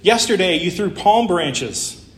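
A man's voice: sits high, animated, takes it slowly, a bit bright, roomy sound, voice pushed up, exaggerated voice. A man voicing a proud, vain young male donkey who demands attention, read as a story within a sermon. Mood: upset. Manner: indignant and demanding.

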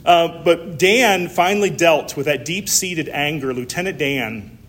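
A man's voice: a little high, measured pace, a bit bright. A man preaching a sermon in a conversational way, with frequent fillers and an occasional light laugh. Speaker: pastor.

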